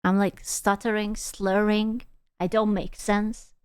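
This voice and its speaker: A woman streamer reacting to a video in casual, excitable commentary, full of exclamations and swearing. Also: medium pitch, takes it slowly, smooth, no echo.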